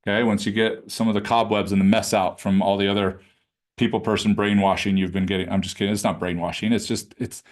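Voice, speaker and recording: A man coaching a live online class, talking conversationally and demonstrating how to ask questions in a low throaty voice. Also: flat delivery, fast talker. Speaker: business coach. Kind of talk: live webinar teaching. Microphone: video call.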